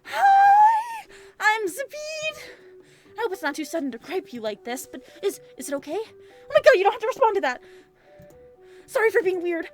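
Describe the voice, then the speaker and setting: A woman voicing an eager, lonely male troll with a buzzy accent, over-apologetic and quick to sulk, as she reads a visual novel aloud. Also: very high voice, lively intonation, soft background music, voice pushed up. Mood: gushing. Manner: over-apologetic, gushing, then sulky.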